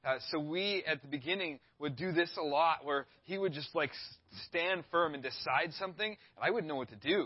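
A man in his thirties, a youth pastor, preaching a sermon with a relaxed storytelling manner. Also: on the high side, a little fast, hardly any pauses, dry recording, muffled recording. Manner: laid-back, storytelling, acts out quoted voices.

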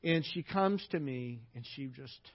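A man preaching a sermon as pastor, telling personal stories, dropping to a hush in sad parts and acting out the people he quotes. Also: medium pitch, animated, a little slow, dull audio. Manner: personal storytelling, drops to a hush at sad moments and acts out quoted lines.

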